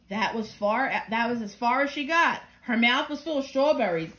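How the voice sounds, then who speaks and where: A woman reading a children's picture book aloud with gentle, expressive storytelling. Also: fairly high pitch, normal speed, hardly any pauses.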